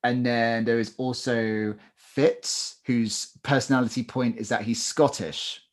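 A man's voice: mid-range voice, fairly even intonation, a little slow. A man co-hosting a podcast, chatting casually and joking about a TV show. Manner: jokey, chatty, laughs often. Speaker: podcast co-host. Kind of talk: casual chat.

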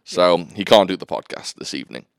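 A man's voice: low-pitched, animated, brisk, vocal fry, smooth, no room sound. A man hosting a casual podcast, joking and teasing his co-host in a dry home recording. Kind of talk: casual chat.

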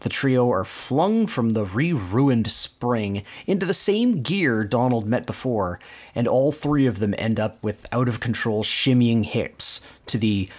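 Man, podcast host, slow unhurried delivery, very lively pitch, storytelling recap. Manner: storytelling, recounts plots in detail. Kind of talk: casual cartoon recap chat.

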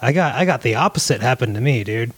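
A man's voice: mid-range voice, expressive, quick pace, slightly rough, no room sound. A man chatting casually, telling a long story in a laid-back, profane way and often saying "dude". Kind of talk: casual chat.

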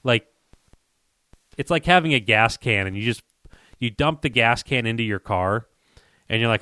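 A man's voice: mid-range voice, lively intonation, normal speed, long pauses, bright, forceful tone, no echo, clean studio sound. A man hosting a casual podcast, telling a rambling story and acting out what other people said. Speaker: podcast host and lure maker.

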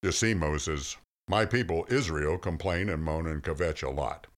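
A man puts on a gruff, wisecracking male God who barks orders like a blunt boss in a comic storybook tale. The voice sits low and gravelly, with plenty of rise and fall. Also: exaggerated voice. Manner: brash, commanding, slangy.

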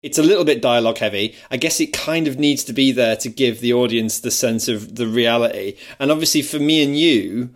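Man co-hosting a casual film podcast, chatty and quick to laugh, middle-pitched voice. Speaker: podcast co-host.

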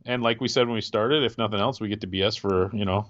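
A man's voice: on the low side, steady tone, fast talker, no room sound. Give me a chatty man in his forties hosting a podcast over a dull, dry line. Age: 40s. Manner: rambling, chatty, trails off and restarts. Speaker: podcast co-host. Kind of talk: casual chat.

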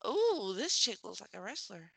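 A woman's voice: medium pitch, very animated, moderate pace, vocal fry, breathy edge, no room sound. A woman hosting a podcast, chatting casually while watching TV, giggly and blunt, swearing freely. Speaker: podcast host.

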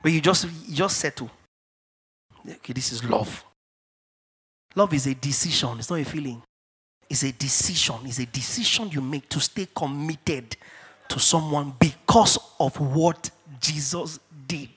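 A middle-aged man from Africa preaching a sermon in church, emphatic and repetitive, dropping to hushed asides and rising to shouted declarations. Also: mid-range voice, lively intonation, moderate pace, long pauses, husky. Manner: repeats key phrases for stress. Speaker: pastor.

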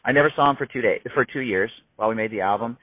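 A man in his fifties, a musician guest telling an emphatic, animated story in casual conversation, heard over a tinny phone-like line. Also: mid-range voice, racing, no echo. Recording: tinny phone-like dry sound.

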